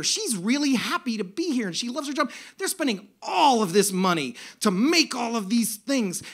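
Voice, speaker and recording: A man telling a comic personal story live on stage, in an animated, self-mocking way. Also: high voice. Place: stage at a music venue.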